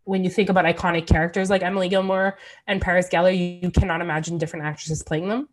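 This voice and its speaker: Low-voiced woman co-hosting a casual podcast. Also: level tone, quick pace, soft background music. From Canada. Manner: enthusiastic, opinionated, many fillers. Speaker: podcast co-host.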